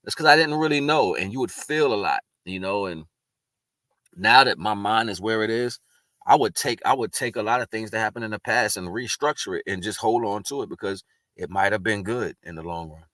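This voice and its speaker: A man with a very low voice talks to the camera in a loose, unscripted monologue. He sounds earnest and reflective, and his sentences often stall and restart. The recording is dry and close, with no room sound. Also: fairly quick, fairly bright tone, dry recording. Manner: rambling, earnest, spiritual, with frequent restarts. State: tearful at moments. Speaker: vlogger sharing personal reflections. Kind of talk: casual spoken monologue.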